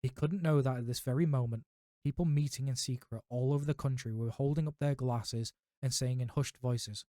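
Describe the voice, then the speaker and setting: A man reads a storybook aloud on a livestream and breaks off now and then for relaxed, chatty asides. His voice sits at a middle pitch. The recording is dry and close, with no room sound. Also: brisk, dry recording. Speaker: livestream reader. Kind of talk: reading a book aloud on a livestream.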